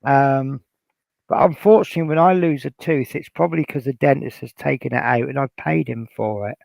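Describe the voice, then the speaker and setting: A man from Norfolk chats his way through a hobby livestream, reading viewer messages aloud between rambling asides. His voice has a gravelly edge. The sound is dry and close, with no room echo. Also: medium pitch, fairly quick, darkish tone. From Norfolk, England. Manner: rambling, reads out chat messages with many fillers. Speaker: livestream host. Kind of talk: casual livestream chat.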